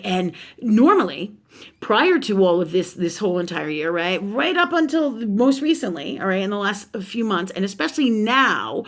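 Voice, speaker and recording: Woman spiritual teacher just chatting, swears a lot, fillers everywhere. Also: medium pitch. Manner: animated, swears freely, many fillers. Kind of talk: casual live talk.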